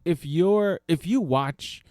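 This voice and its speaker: Lively man telling fight stories on a podcast. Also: a little high, slow, dry recording, clean studio sound. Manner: animated storyteller, acts out quotes. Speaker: podcast co-host. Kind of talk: casual chat.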